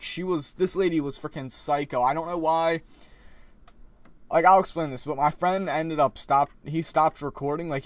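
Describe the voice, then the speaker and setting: A young man tells a story for his vlog, his voice sitting a bit high for a guy. He rambles and restarts mid-sentence, animated and casual. The sound is close and dry, with no room around it. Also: no room sound. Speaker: vlogger.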